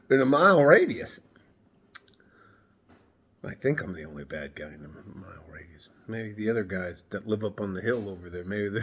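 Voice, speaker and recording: A man's voice: lowish voice, fairly bright tone, husky. Guy rambling thru a story on camera, keeps laughing, swears some. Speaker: vlogger. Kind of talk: casual storytelling monologue.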